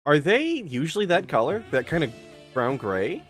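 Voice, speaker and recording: Bright laid-back male co-host. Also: a little high, big pitch swings, normal speed, soft background music. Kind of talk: casual reaction chat.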